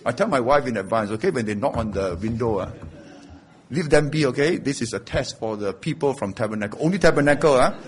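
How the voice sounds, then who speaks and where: A man's voice: mid-range voice, animated, fast, a little hiss or hum. A man preaching a sermon. He talks conversationally and rises to emphatic declarations. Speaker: pastor.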